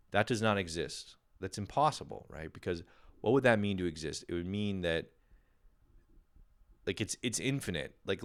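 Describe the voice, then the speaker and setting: Low smooth-voiced man ranting comically. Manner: profane, rambling, says "you know" and "right" a lot. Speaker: podcast host. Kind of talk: rambling comedic monologue.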